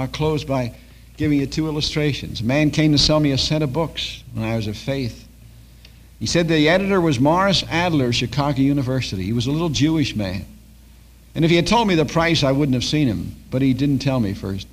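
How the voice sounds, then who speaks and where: A man's voice: mid-range voice, lively intonation, brisk. An older man preaching a sermon as a pastor, telling stories and acting out the dialogue.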